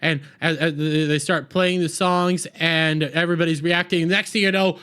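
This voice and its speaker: A man recaps an episode in a loose, rambling way with frequent sarcastic asides. His voice sits high for a man. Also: steady tone, moderate pace, pushed and bright, smooth. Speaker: TV episode reviewer. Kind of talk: casual recap review.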